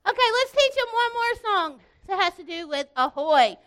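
A woman with a very high, bright voice leads a children's group with songs and a short Bible lesson. She calls out loud and cheery and keeps the kids answering back. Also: very animated, moderate pace. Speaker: children's program leader.

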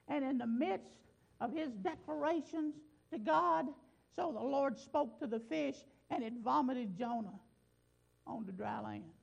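High gravelly preacher guy, folksy and emphatic, muffled old recording. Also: animated, normal speed. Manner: folksy, emphatic scripture reading. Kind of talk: sermon.

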